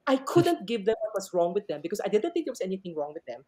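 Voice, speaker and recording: Filipino lady teacher on a podcast, pitch swoops all over, chatty and animated. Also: quick pace. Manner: animated, mixes Tagalog and English. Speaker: podcast guest, math teacher. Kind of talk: casual podcast storytelling.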